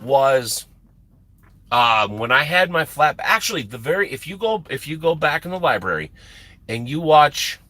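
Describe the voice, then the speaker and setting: Rambling trucker streamer. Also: male voice, on the high side, big pitch swings, normal speed, bright, forceful tone, no echo. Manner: rambling, emphatic, repeats words for effect. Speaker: livestream host and truck driver. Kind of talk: casual chat with stream viewers.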